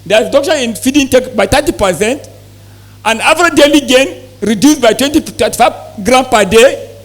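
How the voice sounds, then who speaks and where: High-voiced man lecturing farmers. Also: expressive, normal speed. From Nigeria. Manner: asks the audience questions, repeats points. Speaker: sales manager giving a farm talk. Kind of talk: live seminar presentation.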